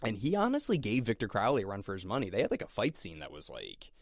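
Podcast co-host, man, low voice, dry close sound, loose rambling review. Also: huge pitch swings, quick pace, no echo. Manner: rambling, many fillers and restarts. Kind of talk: casual movie review chat.

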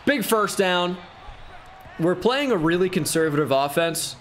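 An upbeat man commentating his own football video game, his voice sitting a little high. He thinks out loud and breaks into sudden hype on big plays, over a faint hiss behind him. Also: a little slow. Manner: excitable, thinking aloud, bursts of hype. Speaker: gaming YouTuber.

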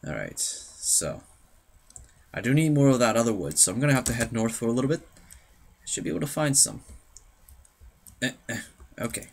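Young male let's-play host, lively pitch, playful self-talk, soft keyboard clicks behind. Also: a little hiss or hum. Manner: chatty and playful, talks to himself, hums. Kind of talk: casual gameplay commentary.

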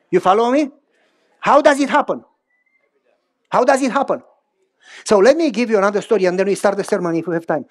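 A middle-aged man preaching a sermon, telling personal stories in an animated way with big pitch swings and repeated phrases. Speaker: pastor.

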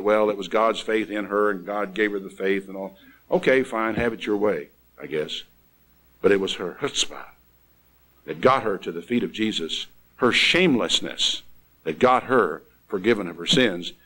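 A man preaching a sermon in an emphatic way, swinging from loud exclamations down to quiet asides. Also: lowish voice, poor audio.

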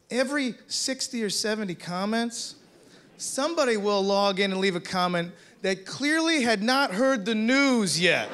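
A man's voice: high-pitched, sharp tone. A man from the United States doing a stand-up set in a rambling, musing way with frequent hedges, on a live recording with audience noise. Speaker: stand-up comedian. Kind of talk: stand-up comedy.

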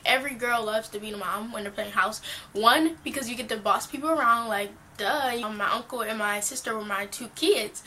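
A teenage girl vlogging casually, telling a rambling, animated story full of fillers. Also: on the high side, slight background noise. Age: teen.

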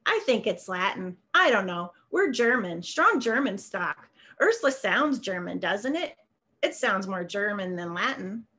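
A woman's voice: mid-range voice, big pitch swings, measured pace, sharp tone. A woman voicing a chatty older woman on the phone who rambles cheerfully.

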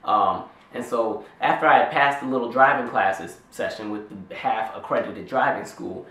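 Animated young man telling a story. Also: lowish voice, normal speed, reverberant. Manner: animated, rambling storytelling with many "like"s. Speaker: vlogger. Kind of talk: storytime vlog.

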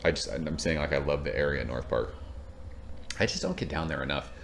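A man in his thirties from Southern California, casually reviewing a beer in a rambling, excitable vlog, swearing now and then. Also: a bass voice, brisk, gravelly, slight background noise.

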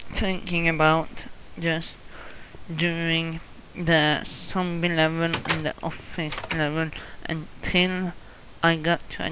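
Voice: medium pitch, a bit bright, a little hiss or hum, poor audio. A gamer giving casual let's-play commentary on a custom map, talking to viewers and often gasping, laughing and swearing at the game. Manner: talks to viewers.

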